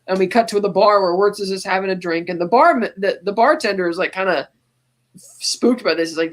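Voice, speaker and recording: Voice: medium pitch, moderate pace. A podcast co-host casually recapping a movie scene by scene, quoting its lines along the way and laughing often. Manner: animated retelling, quoting movie lines in passing.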